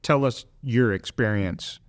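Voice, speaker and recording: A man hosting a casual podcast, relaxed, prompting his guest with short encouraging questions. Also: mid-range voice, unhurried. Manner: relaxed, brief encouraging interjections. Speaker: podcast host. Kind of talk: casual interview.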